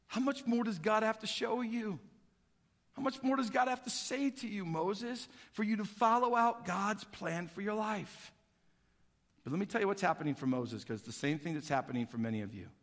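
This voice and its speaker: A man preaching a sermon, telling a story with humor and acting out the voices of the people in it. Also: fairly high pitch. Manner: animated storytelling, acting out voices for comic effect. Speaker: pastor. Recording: long hall reverb.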